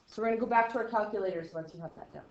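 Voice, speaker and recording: A woman teaching a math class, counting steps out loud, trailing off quietly, and checking in with "right?". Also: medium pitch, racing. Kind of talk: classroom lecture. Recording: roomy classroom sound, slightly dull.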